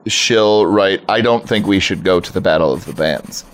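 Low-voiced man narrating his character. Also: normal speed. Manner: casual, narrates in third person, laughs often. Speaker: player. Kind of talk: narrating a mute character's actions.

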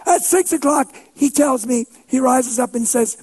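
High-voiced man preaching with lively shouts. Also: normal speed, slightly rough. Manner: animated, shouts for emphasis, playful self-mocking humor. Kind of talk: sermon storytelling.

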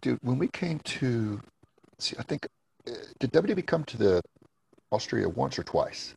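A former wrestler telling rambling stories in a casual interview, laughing often and swearing freely. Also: male voice, medium pitch, very animated, measured pace, creaky, a little mellow, breathy edge, low-quality recording.

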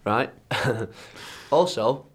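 A man's voice: mid-range voice, drawn-out words, husky. A man with a northern English accent co-hosting a podcast, bantering casually, swearing and laughing often. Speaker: podcast co-host.

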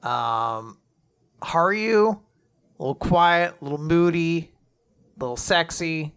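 A man on a podcast makes playful, joking asides in relaxed chat. His voice sits a little higher than most men's. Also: slow pace, clear, resonant tone. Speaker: podcast co-host. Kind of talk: casual chat about a manga.

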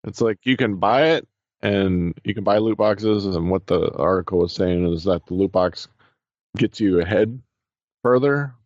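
A man's voice: deep voice, moderate pace, darkish tone, dry recording, highs cut off. A man chatting casually as a podcast co-host, often hesitating and searching for words. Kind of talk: casual chat.

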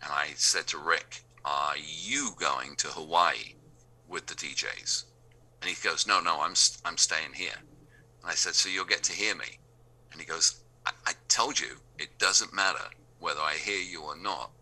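Deep, bright-toned Englishman telling stories. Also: measured pace. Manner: acts out remembered dialogue in quoted voices. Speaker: radio DJ. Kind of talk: anecdotal storytelling.

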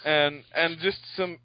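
A man's voice: high voice, no room sound. A man giving an opinionated, enthusiastic comic book review in casual chat. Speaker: podcast reviewer. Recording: dull lo-fi sound.

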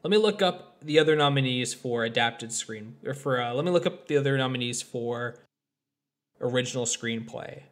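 A man's voice: medium pitch, lively intonation, normal speed. A man co-hosting a podcast, chatting casually about films in a rambling, joking way. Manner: rambling, lots of fillers and restarts, joking. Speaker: podcast co-host. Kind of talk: casual film review chat.

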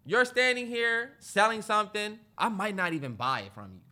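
Male podcast co-host, high bright voice, animated storyteller who laughs through his own tale. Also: normal speed. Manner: animated, acts out quotes, laughs a lot. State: out of breath. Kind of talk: casual storytelling chat.

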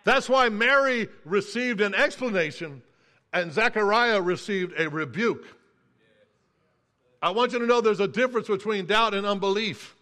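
Man, pastor, sermon, high voice, bright tone, earnest with restarts. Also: normal speed. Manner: earnest preaching with repeated phrases and restarts.

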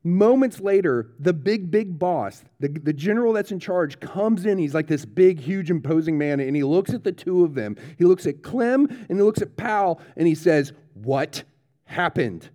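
Animated pastor telling kids a story. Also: male voice, high-pitched, normal speed, hardly any pauses. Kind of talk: children's sermon storytelling. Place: church service.

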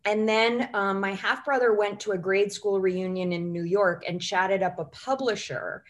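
A woman's voice: mid-range voice, fairly even intonation, normal speed. A woman, a writer and goals coach, talking as a podcast guest and telling long, chatty stories full of "you know" and "like". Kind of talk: casual interview chat.

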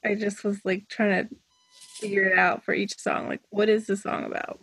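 A woman's voice: mid-range voice, little pitch movement, brisk, fairly bright tone, slightly rough. A woman co-hosting a podcast over a video call from home, chatting casually in a candid, offhand way. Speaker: podcast co-host. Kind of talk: casual chat.

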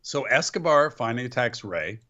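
A man's voice: medium pitch, very animated, brisk, sharp tone. A man co-hosting a podcast, recapping wrestling shows in casual chat with a sarcastic, play-by-play manner. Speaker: podcast co-host. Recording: dull lo-fi podcast audio.

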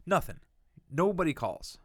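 A man's voice: on the high side, very animated, measured pace, no echo, studio quality. A man telling a long, exasperated story in casual chat, swearing a lot and acting out the people he quotes.

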